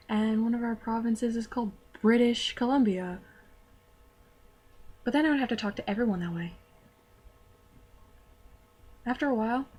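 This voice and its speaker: A woman's voice: mid-range voice, a little mellow. A young woman, telling a self-deprecating story to camera in casual vlog style. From Canada. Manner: chatty, self-deprecating, quick asides. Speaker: vlogger.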